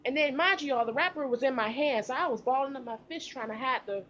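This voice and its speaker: A young woman vlogger recording outdoors, telling a casual storytime with animated delivery and slang. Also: sits high, fast, dull audio, slight background noise. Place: outdoors in humid heat.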